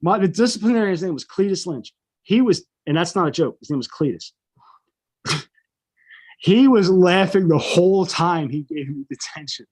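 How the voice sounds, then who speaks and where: A man's voice: high voice, expressive, normal speed, a little mellow. A middle-aged man, a podcast co-host, telling a profane story in casual chat and acting out the people in it.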